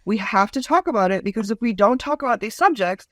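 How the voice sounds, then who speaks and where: A woman's voice: on the high side, quick pace, dry recording, studio quality. A woman stand-up comedian telling stories bluntly as a talk-show guest, with lots of "like" and acted-out quotes. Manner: blunt, animated storytelling with lots of "like". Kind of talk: casual talk-show chat.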